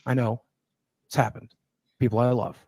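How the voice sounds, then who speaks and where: A man's voice: mid-range voice, little pitch movement, normal speed, mellow, no echo. Middle-aged man, heated live-stream argument, angry, swearing, dry close sound. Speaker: online personality in a live debate.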